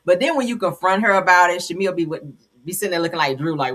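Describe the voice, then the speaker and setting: A woman's voice: fairly low pitch, quick pace, a bit bright. A woman hosting a casual celebrity gossip commentary, blunt and playful, laughing often. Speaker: host.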